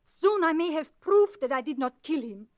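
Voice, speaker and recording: A subdued dance teacher who speaks anxiously and pleads to be believed. Her voice sits high, in a dry studio sound typical of 1940s radio drama. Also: expressive, normal speed, darkish tone, no echo. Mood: pleading. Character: nervous dance teacher, murder suspect.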